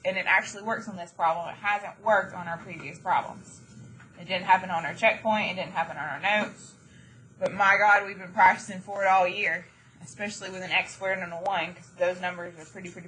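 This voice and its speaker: A woman's voice: lowish voice, steady tone, a little fast, a bit bright, slight background noise, rough recording. A woman math teacher giving a classroom lesson, chatty and jokey, with dramatic asides to her students.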